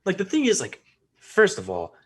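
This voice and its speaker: A young man guest on a podcast, telling stories excitably and putting on voices when he quotes people. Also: high-pitched, moderate pace, slightly rough. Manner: excitable storyteller, does voices when quoting. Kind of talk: casual podcast chat.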